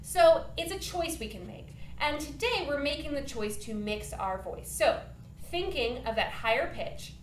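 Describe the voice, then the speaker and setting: A woman's voice: high voice, animated, a little slow, echoey room, a little hiss or hum. A woman teaching a children's singing lesson, upbeat and encouraging, demonstrating points with her own voice.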